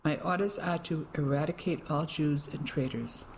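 A woman's voice: sits low, moderate pace, darkish tone, a little hiss or hum, low-quality recording. A woman reading the part of a smug, cruel male Nazi officer with a mocking, menacing manner. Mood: threatening. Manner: mocking, menacing, self-satisfied.

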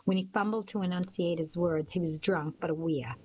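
Low-voiced woman narrating a novel. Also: a little fast, a little mellow, slight background noise, poor audio. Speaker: audiobook narrator. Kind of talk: first-person novel narration.

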